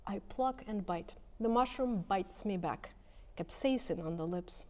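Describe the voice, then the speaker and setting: A woman with a mid-pitched voice reads her poem aloud. She keeps a measured pace and puts strong weight on single words. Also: dark tone. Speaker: poet reading her work. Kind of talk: poetry reading.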